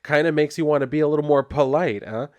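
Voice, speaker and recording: A man's voice: fairly high pitch, quick pace, darkish tone, muffled recording, pitched above the performer's own voice, natural voice. A man reading the lines of a menacing teenage boy who turns into a fly monster, in a mocking, taunting manner.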